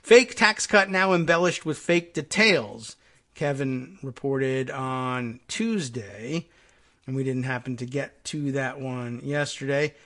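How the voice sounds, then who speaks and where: A man's voice: mid-range voice, slow, fairly bright tone. Sarcastic, exasperated man hosting a podcast. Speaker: host. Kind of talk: political commentary podcast.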